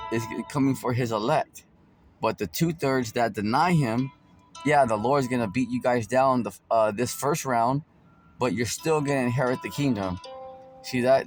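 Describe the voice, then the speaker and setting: Slangy, conversational male preacher. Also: mid-range voice. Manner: conversational, slangy, repetitive, full of fillers. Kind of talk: casual street sermon.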